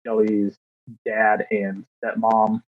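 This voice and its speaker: In a lowish voice with a completely flat delivery, a thirty-year-old co-host takes his time on a podcast. The chat is casual and rambling, self-deprecating, with little exchanges acted out. It's recorded in dull, dry lo-fi sound.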